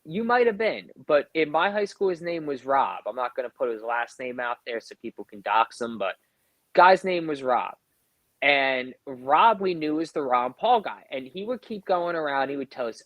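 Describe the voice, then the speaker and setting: A man's voice: a little high, sing-song, normal speed, no room sound, highs cut off. A man in his thirties co-hosting a podcast, telling profane, rambling stories in casual chat, packed with fillers and quoted back-and-forth. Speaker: podcast co-host.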